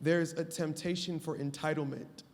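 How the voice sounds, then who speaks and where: A man's voice: fairly high pitch, fairly even intonation, moderate pace, a little mellow. A male pastor speaking on a live conference panel with an emphatic, preacher-like cadence. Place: conference stage before a live audience. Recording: long reverb of a large hall.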